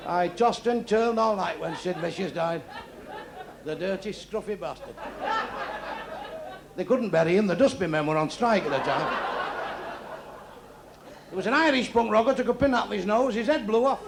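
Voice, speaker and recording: A man's voice: high-pitched, moderate pace, vocal fry, pauses often. A middle-aged man doing blunt, crude stand-up comedy on a club stage. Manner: blunt, crude, deadpan delivery. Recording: echoey club with crowd noise.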